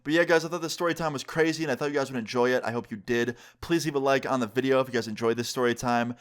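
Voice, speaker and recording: Young guy doing a storytime vlog, slangy and animated, middle pitch. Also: racing. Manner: animated, slangy, acts out dialogue. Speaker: storytime vlogger. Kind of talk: casual storytelling.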